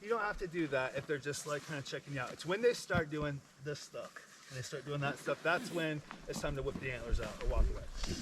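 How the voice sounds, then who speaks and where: Brief: fast, playful male tour guide, higher voice, noisy outdoor take. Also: far from the mic. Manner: playful, animated, acting out the animals. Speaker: reindeer farm guide. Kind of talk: guided tour talk to visitors. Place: outdoors at a reindeer farm.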